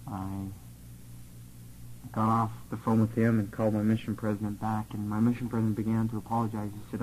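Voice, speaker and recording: A man telling a personal testimony of his missionary years in an earnest, steady, plain-spoken way. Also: fairly low pitch, fairly quick, slight background noise, rough recording.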